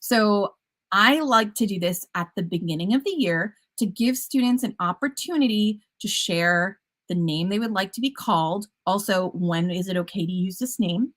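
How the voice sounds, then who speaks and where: A woman's voice: mid-range voice, normal speed. A woman teacher giving an upbeat, chatty conference presentation about classroom practice, with playful puns.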